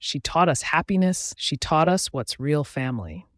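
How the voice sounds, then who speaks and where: A man's voice: on the high side, sing-song, normal speed, a bit bright, no room sound, clean studio sound. A man voicing a rich young husband, curt and bitter, reading the role in an audiobook. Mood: grieving.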